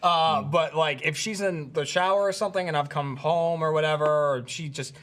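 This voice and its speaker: Slightly high-voiced man telling stories. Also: normal speed. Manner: animated storyteller, acts out bits. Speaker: podcast regular. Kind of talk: casual chat.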